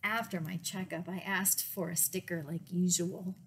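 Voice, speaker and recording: A woman librarian reading a picture book aloud to children in a gentle storytelling manner. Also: lowish voice, steady tone, normal speed, slight background noise.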